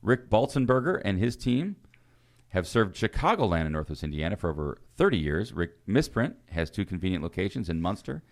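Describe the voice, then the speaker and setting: A man co-hosting a podcast, reading sponsor ads in a lively, casual way. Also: low-pitched, fairly quick. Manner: lively, laughs between reads. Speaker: podcast co-host.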